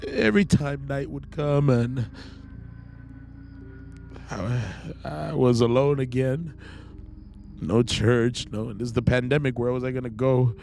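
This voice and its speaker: A man hosting a podcast, telling a personal faith testimony in an earnest, halting, emotional way. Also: medium pitch, steady tone, gravelly, a little mellow, faint music behind. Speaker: podcast host.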